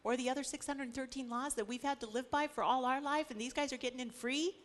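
A woman teaching a Bible study in a lively way, acting out the stories she tells. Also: high-pitched, quick pace. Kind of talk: animated scripture teaching.

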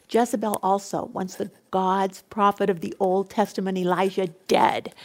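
A woman preaching a sermon, retelling a scripture story with dramatic, expressive delivery that swings between hushed and loud passages. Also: mid-range voice.

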